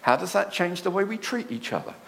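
A man's voice: sits high, sing-song, brisk, vocal fry, a bit bright, slight background noise. A man preaching a sermon to a congregation in a church. He asks the room rhetorical questions and takes on dramatic voices when he quotes others.

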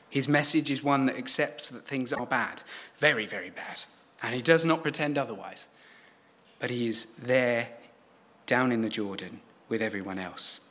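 A man preaching a sermon, measured and emphatic, repeating key phrases for weight. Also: medium pitch, a bit bright.

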